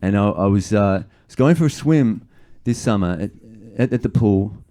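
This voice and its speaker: A man's voice: fairly low pitch, lively intonation, normal speed, dark tone. A young adult man from Australia doing a stand-up comedy set, telling rambling, self-mocking stories full of repeated words. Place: comedy venue with live audience.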